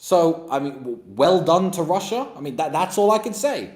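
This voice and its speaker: A man's voice: fairly high pitch, sing-song, moderate pace, darkish tone, roomy sound. A man hosting a question-and-answer session, giving blunt, emphatic and sarcastic opinions. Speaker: host answering viewer questions. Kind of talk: opinionated monologue.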